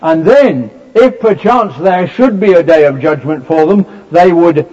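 A man preaching a sermon, explaining scripture in a measured way with many fillers and restarts. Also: on the high side, lively intonation, darkish tone. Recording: dull lo-fi recording.

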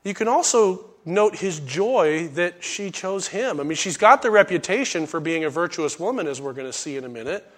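A middle-aged male preacher with a fairly high voice teaches scripture in a relaxed, conversational way. He slips into folksy asides, then jumps into loud bursts when he acts out a line. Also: normal speed, hardly any pauses. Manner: animated, acts out characters' lines in sudden loud bursts. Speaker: pastor teaching a Bible study. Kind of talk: sermon.

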